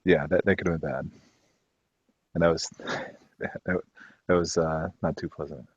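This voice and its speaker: A man's voice: deep voice, fairly even intonation, unhurried, darkish tone, breathy edge. A man telling a personal story in casual chat, hesitant, with many restarts and offhand swearing. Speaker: discussion participant. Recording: dull, muffled mic.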